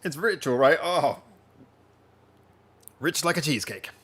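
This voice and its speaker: A man's voice: fairly high pitch, animated, unhurried, fairly bright tone, a little hiss or hum. A man hosting a casual live-stream chat from home, rambling and chatting directly to his viewers. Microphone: wearing headphones.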